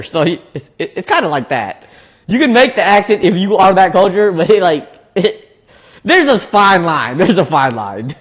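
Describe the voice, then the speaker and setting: A man, chatting casually on a cooking livestream, laughing often and restarting his words as he reads chat. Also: fairly high pitch. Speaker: streamer reading chat.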